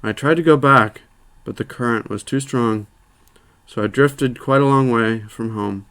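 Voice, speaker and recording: Male storyteller; plain, measured short-story narration. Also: medium pitch, steady tone, fairly bright tone, smooth. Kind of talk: reading a short story aloud.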